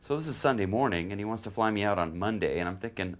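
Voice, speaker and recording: A guitarist telling an interview anecdote in an animated way, acting out the dialogue. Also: male voice, on the low side, fast talker. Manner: animated storytelling, acts out dialogue.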